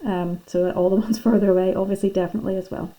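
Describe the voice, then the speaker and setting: A woman's voice: medium pitch, flat delivery, quick pace, mellow, rough recording. A woman teacher, patiently and chattily talking pupils through filling in their lesson notes. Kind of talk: classroom lesson going through worksheet notes.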